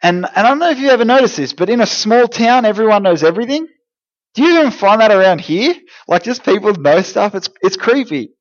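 A man giving a lively, jokey youth group talk, speaking straight to teenagers. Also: high voice, fairly quick, highs cut off. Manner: energetic, jokey, direct address to teens. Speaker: youth pastor.

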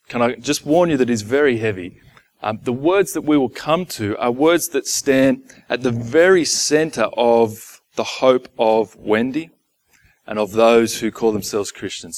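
A man preaching a sermon to his church in a relaxed, conversational way, with asides to the congregation. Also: mid-range voice, dry recording. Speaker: pastor. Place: church gathering.

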